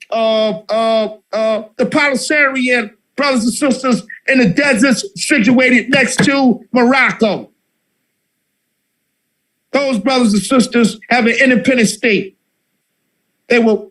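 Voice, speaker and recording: Fiery high-voiced man lecturing. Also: a bit bright, poor audio. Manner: fiery, repeats phrases, many fillers. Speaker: study group leader. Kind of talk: impassioned political lecture.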